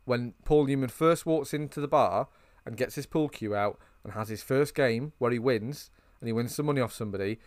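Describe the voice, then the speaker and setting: This is a man with a middle-pitched voice, recorded dry with no room sound. He co-hosts a film podcast and talks casually and animatedly as he retells scenes. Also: brisk, dry recording. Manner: animated storyteller, recounting scenes. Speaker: podcast co-host.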